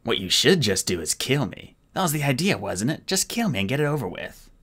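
A man voicing a grumpy sharp-tongued male dwarf who mocks his captors. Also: medium pitch, very animated, fairly quick, pitched above the performer's own voice. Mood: scornful. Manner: scornful, sarcastic.

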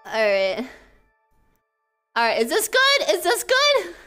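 High, bright-voiced excitable young woman streamer. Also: takes it slowly, faint music behind. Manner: excitable, bursts into shrieking shouts and laughter. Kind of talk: casual livestream chat.

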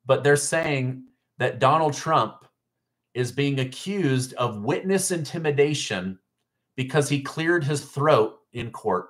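A man's voice: a little high, expressive, takes it slowly. A man hosting a live news stream, talking casually to his viewers in an incredulous, mocking tone. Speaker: political news livestream host. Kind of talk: casual livestream news commentary.

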